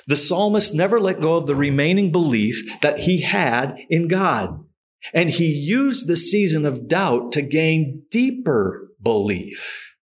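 A man delivers a sermon with a lively, rising and falling voice, sitting a little above the usual male pitch. He reads scripture aloud with strong emphasis. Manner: expressive preaching, reading scripture aloud with emphasis. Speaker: pastor.

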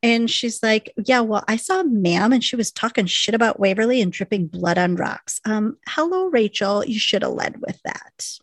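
A woman's voice: fairly high pitch, animated, normal speed, few pauses, dry recording. A woman co-hosting a casual recap podcast. She chats, laughs a lot and acts out snippets of dialogue. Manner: chatty, laughs often, acts out lines of dialogue. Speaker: podcast co-host recapping a TV episode. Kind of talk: casual chat.

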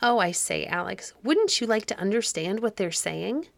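A quiet curious young boy, as a woman reads him. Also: medium pitch, big pitch swings, normal speed, creaky, dry recording.

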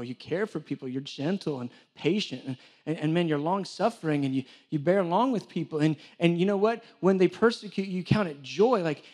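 A man delivers a sermon, his voice sitting unusually high for a man. He tells stories in an animated way, poking fun at himself along the way. He is speaking in a church before a live congregation. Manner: animated storytelling with self-deprecating humor. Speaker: church director and preacher. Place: church hall with a live audience.

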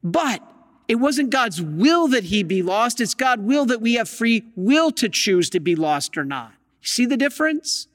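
Male priest with a very high-pitched voice, preaching an emphatic sermon, heard in a long echoing hall. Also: big pitch swings, unhurried, fairly bright tone. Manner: emphatic storytelling with rhetorical questions.

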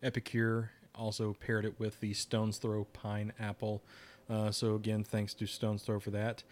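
A man's voice: on the low side, monotone, unhurried. A man hosting a podcast in casual chat, rambling with restarts and easy laughs. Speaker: podcast host.

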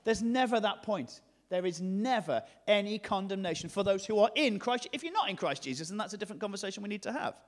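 A man's voice: high voice, quick pace, few pauses. A man with a northern English accent preaching a conversational, jokey sermon in a church hall. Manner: lively, conversational, jokey preaching with sudden shifts between hushed and loud.

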